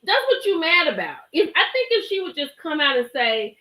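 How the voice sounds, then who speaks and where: A woman's voice: high-pitched, normal speed. A woman hosting a live stream, chatting emphatically and gossiping about a reality show. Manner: animated, emphatic, chatty, greets viewers. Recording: roomy echo.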